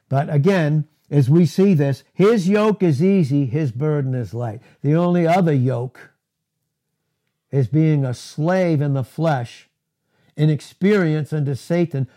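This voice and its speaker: A man preaching a sermon, deliberate and emphatic, repeating key words for stress. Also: on the high side, mellow.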